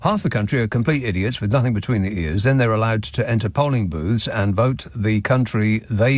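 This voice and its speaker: A man's voice: on the low side, fairly quick, hardly any pauses, no room sound. A man hosting a radio phone-in, reading listener messages in a dry, sardonic way with wry chuckles. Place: radio studio. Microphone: studio microphone.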